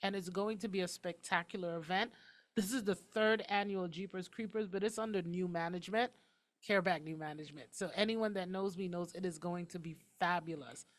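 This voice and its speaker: A woman hosting a talk show, talking quickly and emphatically in a casual, outspoken way. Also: fairly low pitch.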